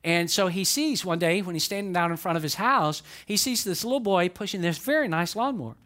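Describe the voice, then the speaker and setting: Folksy preacher guy, high voice, tells stories and builds up emphasis. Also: expressive, a little fast, a bit bright. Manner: folksy, storytelling, rising emphasis. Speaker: pastor. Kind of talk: sermon with humorous stories.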